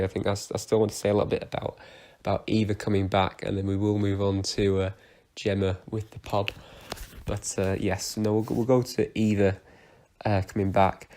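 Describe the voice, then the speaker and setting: A man's voice: on the low side, a little mellow. A young man giving a casual, rambling review of soap opera episodes, with lots of fillers and restarts.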